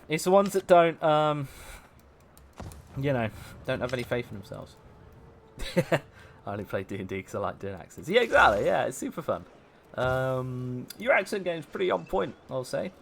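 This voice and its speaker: A man's voice: mid-range voice, sing-song, normal speed, creaky, a little hiss or hum. A man hosting a live game stream, chatting casually with viewers, joking and laughing often. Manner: chatty and playful, laughing often, mock-outraged outbursts. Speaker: livestream host. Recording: faint music behind.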